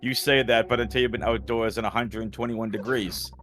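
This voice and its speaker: A man's voice: fairly low pitch, fairly even intonation, fairly quick, music in the background. A man from New England doing casual live commentary on a speedrun race, chatty and joking, laughing often. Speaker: game commentator.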